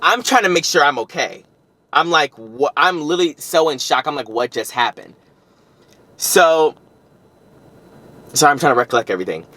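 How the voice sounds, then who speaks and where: A young man telling a story on his vlog, rambling and animated, with frequent restarts and self-corrections. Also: on the high side, brisk, long pauses, dry recording. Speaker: vlogger.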